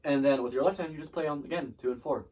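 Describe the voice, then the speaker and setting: A man's voice: a little high, fast talker, very noisy. A man giving a casual, chatty drumline lesson, breaking down snare and tenor parts and trailing off mid-demonstration. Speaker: drumline instructor. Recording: distant mic with loud drum music.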